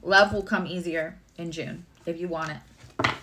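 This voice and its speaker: A woman's voice: on the low side, fairly even intonation, measured pace, heavy background noise. A woman giving a casual live tarot and astrology reading, chatty and rambling with many fillers and asides.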